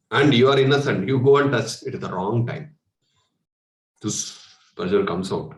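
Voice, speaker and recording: Male meditation coach, Indian English accent, conversational workshop delivery, mid-range voice, echoey room. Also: medium pitch. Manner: conversational, rhetorical questions, chuckles. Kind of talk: spiritual workshop talk.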